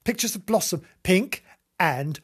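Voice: mid-range voice, expressive, unhurried, slightly rough. A host giving a rambling, theatrical comic monologue, giggling, mocking themself and drifting off on tangents.

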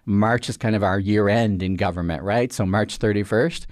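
A man's voice: fairly low pitch, moderate pace, no room sound, clean studio sound. A middle-aged Canadian man, a regulator official, talking earnestly as an interview guest with lots of fillers. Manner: rambling, filler-heavy, earnest. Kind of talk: conversational interview.

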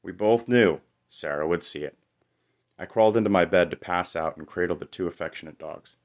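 A young man with a very low, deep voice tells his own story in a memoir reading. His delivery is wry and confessional, never hurried. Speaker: narrator. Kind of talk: first-person memoir storytelling.

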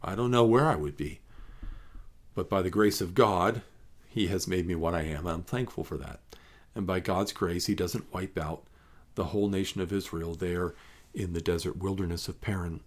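A man's voice: deep voice, normal speed. A man, a pastor, reads scripture aloud and then comments on it in an emphatic, conversational devotional. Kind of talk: Bible reading and devotional commentary.

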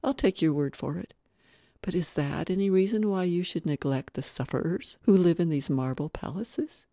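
Reader doing a firm, sarcastic female ghost, mellow tone, storybook. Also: medium pitch, normal speed, no room sound, studio quality, close to an everyday voice. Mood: cool. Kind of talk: audiobook reading.

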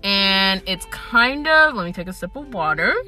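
Sitting in her parked car in a parking garage, a young podcast host from Atlanta, United States, chats in an animated mid-range voice with a sharp tone at normal speed. She swears freely and laughs often, with soft music playing in the background.

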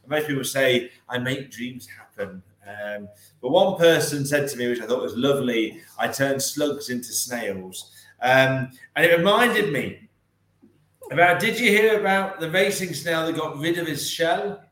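A man's voice: mid-range voice, expressive, a little slow, fairly bright tone. Man with echoey sound, joking. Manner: tells corny jokes and anecdotes with lots of ums. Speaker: podcast co-host, estate agent. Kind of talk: casual chat.

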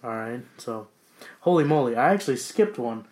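A young man co-hosting a casual podcast chat, talking in halting bursts with many restarts. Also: medium pitch, animated, darkish tone. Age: young adult. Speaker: podcast co-host.

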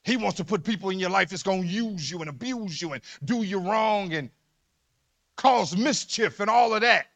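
A man preaching a sermon as pastor in a church, emphatic, dropping to low murmurs and rising to loud shouts. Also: expressive, normal speed. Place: church sanctuary.

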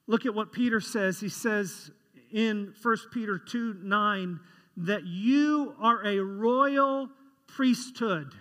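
A man with a high, fairly bright voice preaches slowly as a pastor, telling stories conversationally and putting questions to the congregation. The long reverb of a large hall surrounds him.

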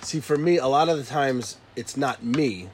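A man in his thirties, a father, telling a story in profane casual chat and acting out his shouting kids and himself. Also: medium pitch, moderate pace, slight background noise. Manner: animated, acts out his kids and himself yelling.

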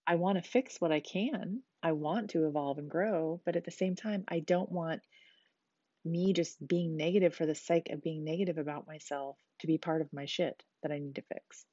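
A woman's voice: deep voice, fairly even intonation, normal speed, warm tone, slightly rough, dry recording, muffled recording. A woman hosting a podcast, talking candidly and casually about self-help, swearing now and then and getting emphatic. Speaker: podcast host.

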